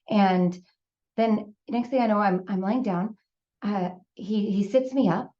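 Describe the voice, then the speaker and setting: Brief: talkative woman, heartfelt personal testimony, mid-pitched voice, muffled lo-fi sound. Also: darkish tone. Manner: talkative, vivid retelling with acted quotes. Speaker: speaker recounting personal story.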